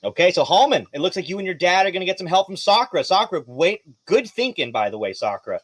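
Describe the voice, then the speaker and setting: A man as game master running a tabletop game, lively and profane. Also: high-pitched, quick pace, no echo.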